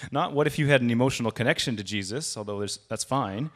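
A man's voice: medium pitch, brisk, fairly bright tone. Conversational male preacher. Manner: conversational preaching, raising his voice for quoted lines. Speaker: guest preacher. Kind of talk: sermon.

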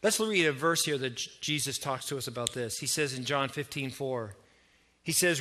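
Bright-voiced Canadian pastor preaching. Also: male voice, mid-range voice, normal speed. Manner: lively, conversational, asks the congregation questions. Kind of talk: sermon.

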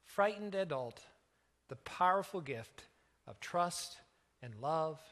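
A middle-aged man preaching in a slightly raised voice. He tells a story in an earnest way and draws down softly at its tender moments. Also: a little high, lively intonation. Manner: earnest, slows and softens for emotional moments. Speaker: pastor. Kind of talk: sermon storytelling.

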